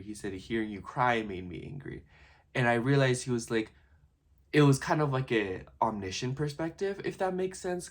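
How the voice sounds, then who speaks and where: Low-voiced young man rambling reflectively. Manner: rambling and reflective, lots of "like" and restarts. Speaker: vlogger. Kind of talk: casual personal vlog monologue.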